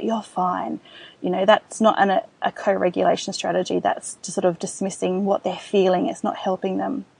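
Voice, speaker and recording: Husky gravelly woman podcaster. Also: medium pitch, darkish tone, no room sound. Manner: earnest, acts out soothing parent lines. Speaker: parenting podcast host. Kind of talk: explanatory podcast talk.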